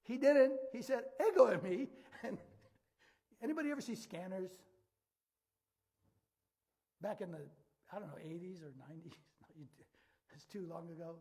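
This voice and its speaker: A man's voice: high-pitched, a little fast, long pauses, dark tone. A man preaching a sermon in a conversational way, often repeating words and asking the audience questions. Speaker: pastor.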